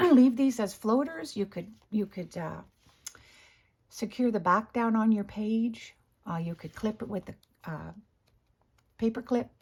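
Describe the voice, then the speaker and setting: A woman with a hoarse morning voice, chatting casually as she shows her craft work, often clearing her throat and correcting herself. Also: medium pitch, darkish tone. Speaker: craft video host. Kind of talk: casual crafting show-and-tell.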